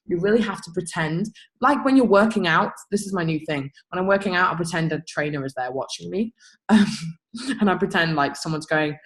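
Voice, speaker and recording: A young woman leading her team over a video call, giving an energetic, blunt motivational rant with swearing and laughter. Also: fairly low pitch, brisk, rough recording. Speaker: team leader.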